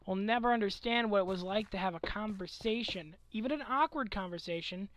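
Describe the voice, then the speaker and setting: A man's voice: high-pitched, fairly quick, a bit bright. Scratchy-voiced young man ranting casually. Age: young adult. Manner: rambling, ranting, self-correcting. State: hoarse, coming down with a cold. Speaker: let's play commentator. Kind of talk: casual rambling game commentary. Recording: faint background noise.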